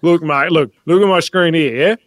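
A man's voice: on the high side, moderate pace, fairly bright tone, no echo. A man performing an improv comedy sketch, exasperated and swearing, switching between put-on voices.

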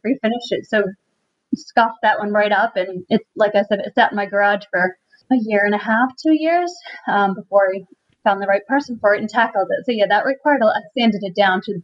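A woman's voice: mid-range voice, a little fast. Chatty woman with a slightly dull sound. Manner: chatty, laughs often, many "um"s and restarts. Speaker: furniture refinisher, contest winner. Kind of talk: casual interview chat.

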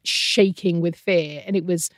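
A woman's voice: lowish voice, measured pace, dry recording, studio quality. A woman in her thirties, a guest telling a painful personal story in an earnest, emotional way. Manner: earnest, emotional, animated quoting of others.

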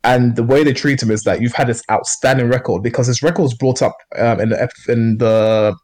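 A man's voice: medium pitch, fairly even intonation, fairly quick, a little mellow. A man co-hosting a casual podcast discussion, talking in a rambling way with many fillers and restarts. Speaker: podcast co-host.

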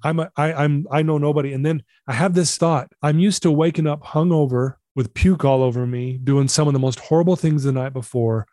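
A middle-aged man recounting a personal story as an interview guest, earnest and animated, acting out the dialogue. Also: fairly high pitch, fairly quick, few pauses, dry recording, clean studio sound.

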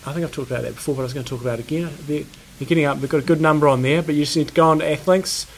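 A man co-hosting a podcast in a relaxed, rambling chat full of fillers. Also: fairly high pitch, rapid-fire, slight background noise. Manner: laid-back, rambling with fillers. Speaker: podcast co-host. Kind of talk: casual chat.

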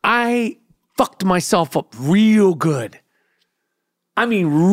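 A man's voice: high-pitched, animated, extremely slow, long pauses, dry recording, clean studio sound. A man hosting a podcast, telling a rambling, profane, comedic story in casual chat. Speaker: podcast host.

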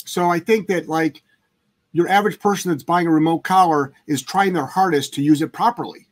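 In a brisk, slightly high voice, a dog trainer chats casually on a livestream, taking viewer questions. His answers are blunt and emphatic, laced with lots of swearing.

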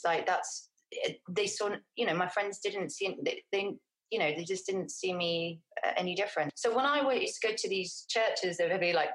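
A middle-aged woman from England chats as an interview guest in a slightly low voice. She rambles, restarts her sentences and fills pauses with little fillers. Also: fairly bright tone, low-quality recording. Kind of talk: casual interview conversation.

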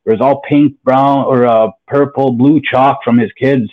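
A man's voice: mid-range voice, fairly even intonation, a little slow. Blunt man over a tinny line. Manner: blunt and profane, rambling. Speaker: podcast guest. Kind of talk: candid personal storytelling. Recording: phone-like narrow line.

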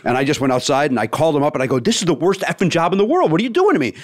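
A man's voice: a little high, very fast. A man in his fifties, a stand-up comedian, casually telling a story and acting out the people in it. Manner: animated, acts out quoted dialogue.

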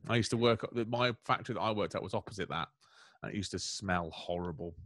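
A man chatting as a guest comedian on a casual podcast, quick and chatty, often breaking into laughter. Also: lowish voice, fairly bright tone, no room sound, studio quality. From England.

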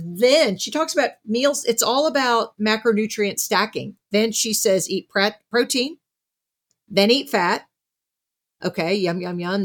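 Chatty woman podcast host. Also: medium pitch. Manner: chatty, retells a book with lively asides. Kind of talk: casual interview chat.

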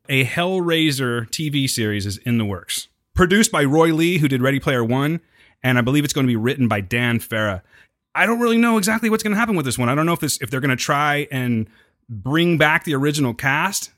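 A man's voice: fairly high pitch, fairly bright tone. A man co-hosting a podcast, chatting casually and teasing his co-host with frequent laughs. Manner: playful, teasing, laughs often.

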